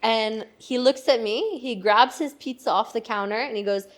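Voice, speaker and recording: A woman with a Quebecois French accent co-hosts a relaxed podcast recorded in a lounge bar. She speaks English as a native French speaker. She tells anecdotes with energy and laughs often. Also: on the high side, moderate pace. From Quebec, Canada. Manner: lively storyteller, laughs often. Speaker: podcast co-host. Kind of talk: casual chat.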